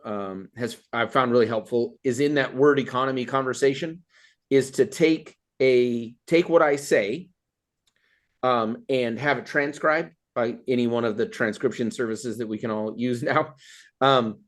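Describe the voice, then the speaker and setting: A man's voice: medium pitch, measured pace. A man hosting a comedy workshop on a video call, rambling with many fillers and restarts. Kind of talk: casual chat on a video call.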